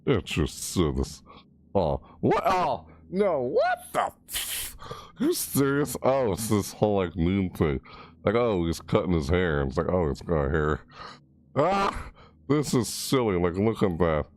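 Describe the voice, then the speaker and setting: A man with a deep voice chats loosely over a video game, amused and filling every gap with little asides. His pitch swings widely as he reacts, climbing high in surprise before settling back down low. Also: huge pitch swings, a little slow, a little mellow, no echo. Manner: rambling, amused, constant fillers and laughing. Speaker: gaming YouTuber. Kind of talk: casual gameplay commentary.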